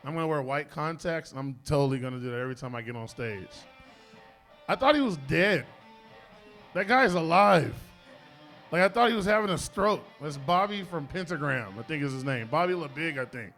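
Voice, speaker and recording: A man's voice: fairly high pitch, a little fast, a bit bright, soft background music. A man hosting a stand-up comedy show, telling loose, rambling, profane jokes on a club stage.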